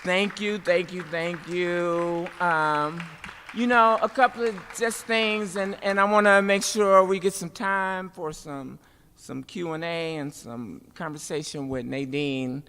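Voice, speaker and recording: A woman performing spoken-word poetry with rhythmic, emphatic refrains and dramatic pauses, then speaking informally at a festival event. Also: on the low side, a bit bright, some chatter behind, a little hiss or hum. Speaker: poet and city politician speaking at a festival. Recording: long reverb of a large hall.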